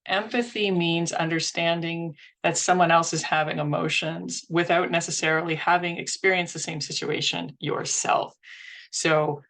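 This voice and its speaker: Earnest woman presenter with vocal fry. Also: on the low side, steady tone, normal speed, a bit bright. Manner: earnest, acts out inner thoughts in quotes. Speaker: workshop presenter. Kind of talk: instructional presentation.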